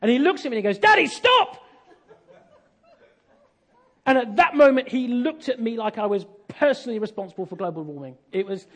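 An English man preaching a sermon, telling a family story in a conversational way with self-deprecating humour. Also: high voice.

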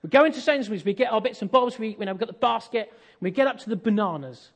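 Animated English preacher with a lively voice. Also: male voice, sits high, quick pace. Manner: animated, conversational, self-deprecating humour. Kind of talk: sermon with personal storytelling.

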